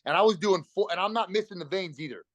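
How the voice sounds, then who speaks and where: A middle-aged man, appearing as a podcast guest, shares a raw story of his recovery, speaking quickly and bluntly with emotion and swearing freely. His voice sits high, and the recording has no room sound.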